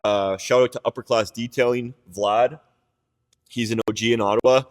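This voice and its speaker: A man's voice: medium pitch, steady tone, normal speed. A young man from Canada telling his business story in casual podcast chat, rambling and candid, full of restarts, filler words and the odd swear. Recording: reverberant room.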